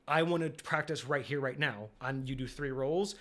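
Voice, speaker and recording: A man's voice: mid-range voice, normal speed. A man hosting a casual live-stream discussion about running tabletop games, rambling with many fillers and acting out players' lines. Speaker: game master and podcast host.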